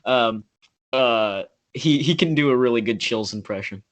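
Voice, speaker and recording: A man's voice: mid-range voice, normal speed. A young man co-hosting a casual podcast chat, giggly and rambling, dropping into silly voices. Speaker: podcast co-host.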